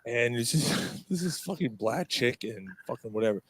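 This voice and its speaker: A man's voice: medium pitch, lively intonation, moderate pace, breathy edge, dry recording. A man hosting a podcast, telling a rowdy story in casual chat, swearing constantly and laughing as he goes. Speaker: podcast host.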